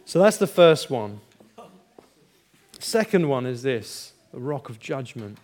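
A man's voice: medium pitch, sing-song, slow, darkish tone. A middle-aged man preaching a sermon, telling personal stories and acting out the voices in them with self-mocking humour. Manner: storytelling, acts out quoted dialogue, laughs at himself. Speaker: pastor.

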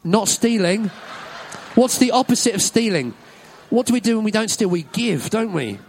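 A man's voice: sits high, animated, normal speed, vocal fry. A man leading a children's talk in a church service, upbeat and encouraging, praising every answer. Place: church hall with an audience.

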